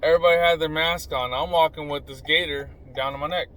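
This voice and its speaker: A man talking in a casual vlog monologue, animated and blunt as he rants, recorded inside a car. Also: fairly high pitch, fast talker, poor audio. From Southern California desert. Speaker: vlogger.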